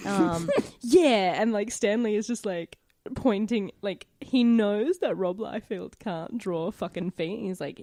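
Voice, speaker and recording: A woman's voice: medium pitch, a little slow, no room sound, clean studio sound. A woman co-hosting a podcast in casual banter, giggly and given to swearing while she tells stories. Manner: giggly, swearing, animated storytelling. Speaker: podcast co-host.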